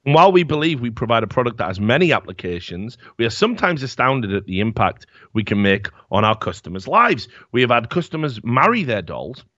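Animated man reading news, lo-fi. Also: mid-range voice, no room sound. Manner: animated, swearing, laughing often. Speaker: podcast host. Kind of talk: casual chat, reading news stories aloud.

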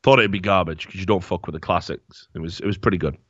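Podcast host, man, lively swearing chat, dull dry lo-fi sound. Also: sits low, fast, dry recording. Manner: animated, swearing, laughing often. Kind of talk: casual chat, reading news stories aloud.

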